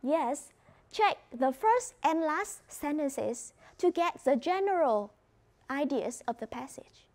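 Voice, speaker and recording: A woman with a Vietnamese accent leads an English reading lesson, her voice sitting high. She explains words clearly and instructively, prompting students and checking answers step by step. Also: lively intonation, slow pace, darkish tone. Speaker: English teacher. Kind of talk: classroom lesson.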